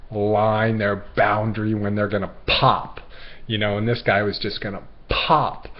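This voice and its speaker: A man's voice: on the low side, highs cut off. A man hosting his own show, rambling through anecdotes in a casual monologue, laughing at his own stories and acting out the lines of others. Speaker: host.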